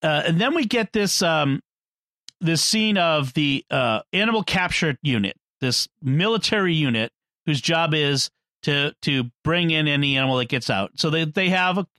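A man's voice: fairly high pitch, animated, moderate pace, sharp tone, dry recording, clean studio sound. A man in a casual film discussion, retelling the plot, acting out the characters' lines and laughing often. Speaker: podcast co-host.

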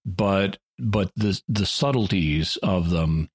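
A man with a very low voice talks through a point in a relaxed podcast chat. He explains at length, often stopping to rephrase as he goes. The sound is dry and close. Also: slow, husky, no room sound. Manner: thoughtful, explanatory, with restarts. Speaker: podcast co-host. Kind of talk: casual discussion. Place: lives in the Ozarks.

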